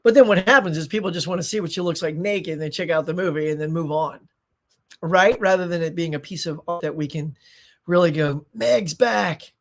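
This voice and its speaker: A man's voice: a little high, fairly even intonation, fairly quick, a bit bright. A middle-aged man hosting a live stream in casual chat, rambling, reading viewer comments aloud and tossing in playful asides. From United States.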